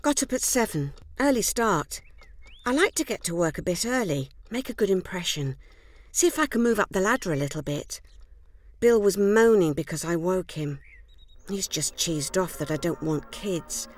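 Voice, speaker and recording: An actress playing a weary housewife in a loveless marriage, narrating a scripted film monologue in a wry, rueful and quietly downcast way. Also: female voice, lowish voice, expressive, normal speed, no echo. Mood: wistful.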